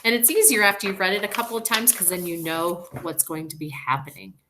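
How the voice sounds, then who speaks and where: A woman teacher leading a reading lesson for young children, talking slowly and clearly in an encouraging way. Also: on the low side, background noise. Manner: slow, clear and encouraging, sounding out words.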